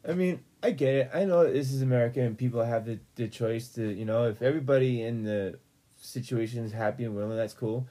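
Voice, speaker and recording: A woman's voice: very deep voice, brisk, mellow. A woman co-hosting a casual chat, talking bluntly, indignant and swearing freely. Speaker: co-host. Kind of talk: casual chat reviewing a reality show.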